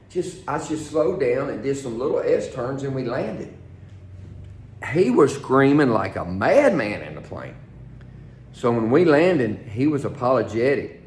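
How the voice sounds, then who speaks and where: A man's voice: a little high, sing-song, unhurried, a little mellow, reverberant. A man who works as a pilot, telling stories casually and animatedly, acting out the quoted dialogue. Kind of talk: casual storytelling.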